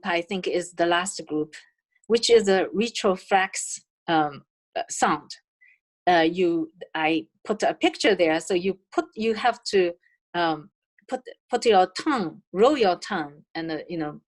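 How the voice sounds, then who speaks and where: A woman with a Chinese accent, a native Chinese speaker presenting an online language lesson, explaining carefully with many fillers and restarts. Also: medium pitch. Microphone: video call.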